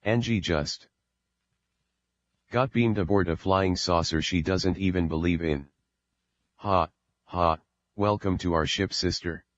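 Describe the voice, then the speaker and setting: A man voicing an amused, teasing grown son in an audiobook, in a plain low voice on a dull recording. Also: slow pace, pauses often, no echo.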